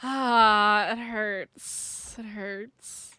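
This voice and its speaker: A woman's voice: medium pitch, steady tone, very slow, sharp tone, clean tone, dry recording, clean studio sound. A woman streaming a survival game, chatting playfully with her viewers and laughing often. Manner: playful, giggly, chats with viewers. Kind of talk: casual live-stream chat.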